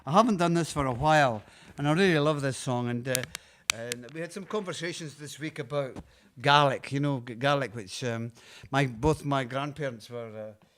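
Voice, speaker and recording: A man's voice: medium pitch, normal speed, few pauses. A man with a Scottish accent, a singer-songwriter hosting a live music show, chatting casually and telling homely stories between songs. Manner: relaxed and rambling, gentle chuckles, homely storytelling.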